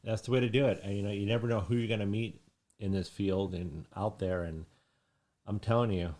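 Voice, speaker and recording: A man's voice: lowish voice, fairly even intonation, brisk, darkish tone. A man hosting a radio talk show, answering his guest with short agreeing remarks. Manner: brief affirmations. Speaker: host. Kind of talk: casual podcast conversation.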